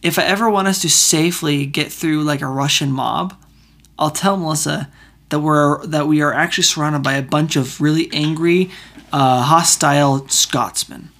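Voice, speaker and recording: A woman co-hosting a casual podcast, animated and teasing, laughing often. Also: deep voice, moderate pace. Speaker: podcast co-host.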